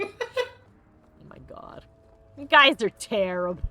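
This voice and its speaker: A woman's voice: on the high side, huge pitch swings, slow pace, sharp tone, soft background music. A woman playing a video game for a let's play, chatting casually, giggling and exclaiming often. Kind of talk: casual gameplay chat.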